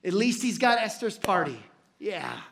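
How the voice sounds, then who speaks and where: A pastor retelling a story in a sermon, dramatic and jokey, with bursts of shouting at the high points. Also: sing-song, unhurried, slight background noise.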